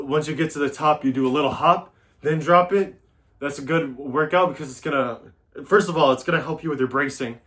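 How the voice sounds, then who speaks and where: A man's voice: a little high, a bit bright. A man giving a casual workout demonstration as a fitness vlogger, coaching in a loose, talky way.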